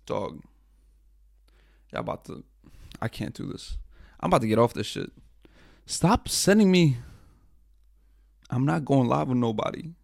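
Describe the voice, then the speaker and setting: Young guy hosting a live podcast, gravelly voice, dry close sound, cussing a lot. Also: medium pitch, expressive, moderate pace, pauses often, no echo. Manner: frustrated, profane, self-mocking. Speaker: podcast host. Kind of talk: casual livestream talk.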